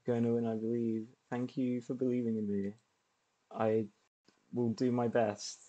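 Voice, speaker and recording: A man's voice: on the low side, level tone, normal speed, mellow. A man streaming a video game, chatting casually and laughing often as he plays. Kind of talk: casual gameplay commentary.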